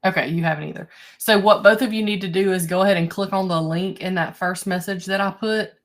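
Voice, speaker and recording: A young woman teacher, talking her class through steps on a video call in a relaxed, chatty way. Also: mid-range voice. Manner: relaxed, chatty, with slow stretched prompts. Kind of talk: online class instructions. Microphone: computer mic on a video call.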